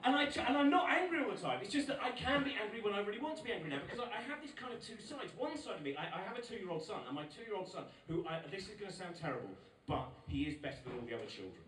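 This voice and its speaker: Animated comedian in his forties. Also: high-pitched, racing, hardly any pauses. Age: 40s. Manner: animated, exasperated storytelling with loud outbursts. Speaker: stand-up comedian. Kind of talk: stand-up set. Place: live venue with audience. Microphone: recorded from far off by a phone camera. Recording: echoey, distant phone recording with noise.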